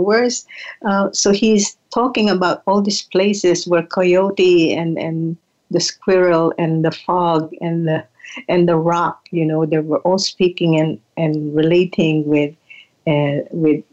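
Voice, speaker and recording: A low-voiced older woman shares personal reflections in a gentle, halting way, doubling back on her words and laughing softly now and then. The recording is muffled and lacks clarity. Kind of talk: reflective storytelling.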